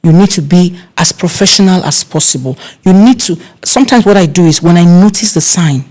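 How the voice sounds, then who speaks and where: A middle-aged Nigerian woman, an event planner being interviewed, telling stories in a casual, animated way and acting out other people's voices. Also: a little fast. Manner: animated, acts out quoted voices with big pitch jumps.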